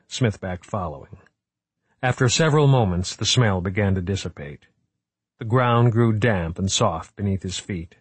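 A man reading a suspense novel aloud in a measured, steady narrating voice. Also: fairly low pitch, breathy edge, no room sound. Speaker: audiobook narrator. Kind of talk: scripted narration.

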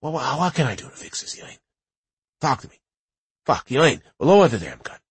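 A man's voice: medium pitch, sing-song, brisk, husky, no echo, voice pushed up. A man voicing a rich businessman husband who hurriedly pleads and swears with an armed wife. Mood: pleading.

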